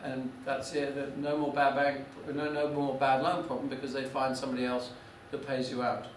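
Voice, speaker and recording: This 40-something man delivers a business story to a lecture class at a moderate pace, with a mid-range, monotone voice and plenty of fillers and restarts. The lecture room echoes, the mic sits at a distance, and a little background noise comes through.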